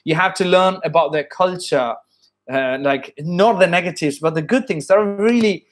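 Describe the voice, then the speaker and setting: A man's voice: high-pitched, moderate pace. A man with a British-influenced English accent, hosting a casual live stream as an English tutor and speaking earnestly, often repeating and restating his points. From born in Saudi Arabia, studied in India.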